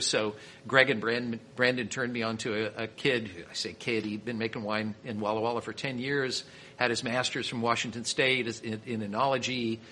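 With a bright, forceful, mid-range voice and a little hiss or hum on the recording, a Kansas City winery owner and sommelier spins stories as a podcast guest. It's a casual storytelling interview, and he's chatty, restarting frequently.

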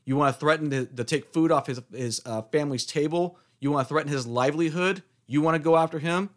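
A man's voice: fairly high pitch, fast. A middle-aged man hosting a solo podcast, taunting and challenging his listeners in a combative monologue. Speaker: podcast host.

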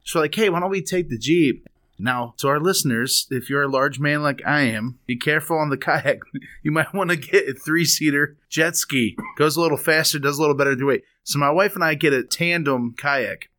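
Podcast host guy telling a goofy story, kinda high bright voice, laughing as he goes. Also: brisk.

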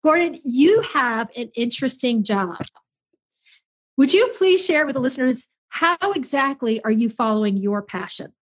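A woman's voice: high voice, expressive, normal speed, breathy edge, muffled recording. A woman hosting a podcast interview, asking questions in an upbeat, inviting way. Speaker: podcast host.

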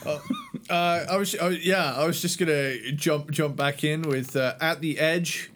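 A man's voice: fairly high pitch, fairly even intonation, a bit bright, slight background noise. A man chatting casually as podcast co-host, reviewing an album with wry asides and frequent laughter. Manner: laughing often, unhurried, wry. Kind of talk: casual music review chat.

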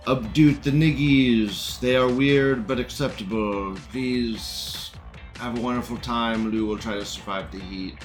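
A man's voice: mid-range voice, fairly even intonation, a little slow, music in the background. A man hosting a livestream, ranting crudely in a sneering tone and laughing at his own jokes. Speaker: host. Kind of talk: livestream commentary rant.

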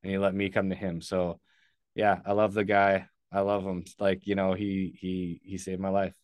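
Earnest low-voiced man telling a story. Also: level tone, normal speed, no room sound. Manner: earnest, loose, with casual swearing. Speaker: podcast guest. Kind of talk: candid storytelling in an interview.

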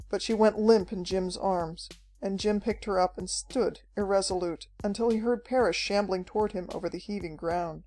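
A woman narrating an adventure story as an audiobook, reading at a steady, measured pace. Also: mid-range voice. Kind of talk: scripted narration. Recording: faint background music.

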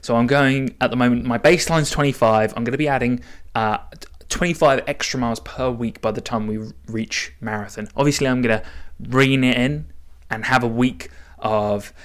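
A young man hosting a solo podcast. He talks casually in a rambling way, restarting often, with an excited edge. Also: medium pitch, normal speed. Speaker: podcast host.

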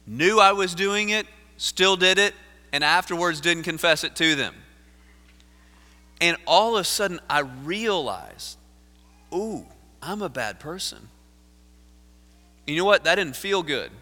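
A man, a pastor preaching a sermon in a church, moving from earnest storytelling to forceful preaching. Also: fairly high pitch, animated, a little slow, long pauses. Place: church sanctuary. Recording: live sermon in a reverberant sanctuary.

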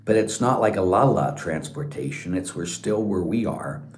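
A priest with a very low voice speaks in an informal, earnest way. His delivery is conversational and unpolished, with fillers and restarts. In reflective moments he drops to a soft, hushed tone. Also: lively intonation, normal speed, a little hiss or hum. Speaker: Catholic priest. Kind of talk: informal spiritual talk.

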